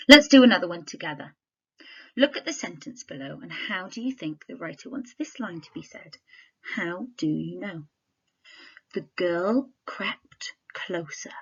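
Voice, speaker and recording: A woman primary teacher talks through a recorded literacy lesson for pupils at home. Her voice is bright and forward, and she speaks clearly and expressively, often stopping to ask the children questions. The sound is dull and lo-fi, as if picked up by a laptop microphone. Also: medium pitch.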